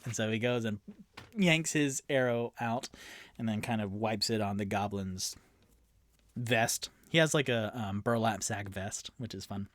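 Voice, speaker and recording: A man's voice: lowish voice, a little slow, no echo. A young man narrating a solo tabletop game as game master, chatty and prone to self-mocking tangents.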